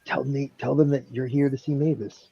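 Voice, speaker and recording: Male player, casual and joking, medium pitch, dull lo-fi sound. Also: fairly even intonation, fairly quick, vocal fry, slightly rough. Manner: joking, playful. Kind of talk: casual tabletop play.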